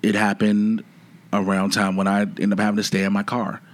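A man's voice: on the low side, completely flat delivery, fairly quick, no echo. Earnest man in a dry, close recording. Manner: earnest, open, acts out others' words. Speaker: podcast guest. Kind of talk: candid emotional conversation.

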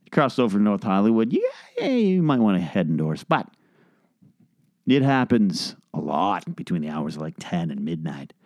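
A middle-aged man hosting his own show, ranting in a sarcastic, exasperated comic monologue and mimicking beeps in a high squeal. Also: very animated, moderate pace, a little mellow, no echo, clean studio sound. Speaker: podcast host. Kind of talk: comedic solo rant. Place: home bedroom.

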